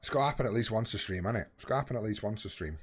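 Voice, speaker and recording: A man's voice: fairly low pitch, animated, racing, breathy edge. A man in his late thirties live-streaming a game, chatting casually and swearing freely with his viewers while tired and yawning. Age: 30s. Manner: swears freely, bantering with chat.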